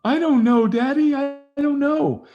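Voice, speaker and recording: A man voicing his upset fifteen-year-old daughter, pleading in a high, breathless way while demonstrating a conversation. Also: steady tone, moderate pace, darkish tone, muffled recording, soft background music. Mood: tearful.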